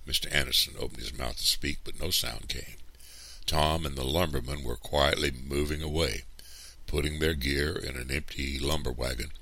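A man calmly reading a story aloud as a narrator. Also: extremely low pitch, moderate pace, gravelly, no room sound. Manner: calm, even read-aloud narration. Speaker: reader.

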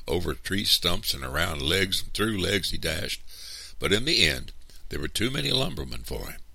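A man reads a story aloud in a very deep, gravelly voice. His delivery is lively and animated, with a bright, crisp edge, and it sounds close and dry. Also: dry recording. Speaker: storybook reader. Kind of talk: expressive read-aloud narration.

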